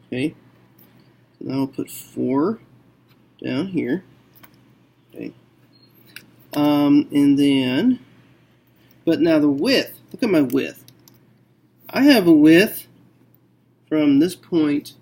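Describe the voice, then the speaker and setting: A man teaching a math lesson, working through a problem slowly and thinking aloud with frequent okays. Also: fairly high pitch, lively intonation, creaky, mellow.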